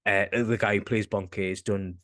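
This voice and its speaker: A young man with a Northern English accent, co-hosting a casual chat, rambling and halting and swearing casually. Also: lowish voice, little pitch movement, a bit bright, no room sound. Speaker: podcast co-host.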